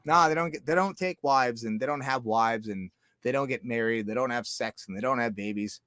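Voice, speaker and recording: A man talking in a loose, profane, rambling monologue, jumping between loud outbursts and low mutters. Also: brisk, no room sound, clean studio sound. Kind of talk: casual monologue.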